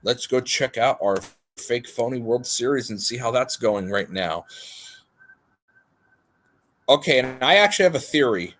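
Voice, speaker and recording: A man's voice: mid-range voice, expressive, unhurried, long pauses, a bit bright. A man hosting a livestream in rambling, casual chat, repeating his points emphatically. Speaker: livestream host.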